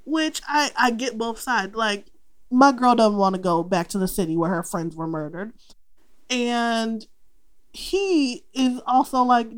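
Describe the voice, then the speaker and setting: A young adult woman hosting a casual movie podcast, talking in an animated, profane way and acting out the characters' lines. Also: a little high, unhurried. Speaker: podcast host.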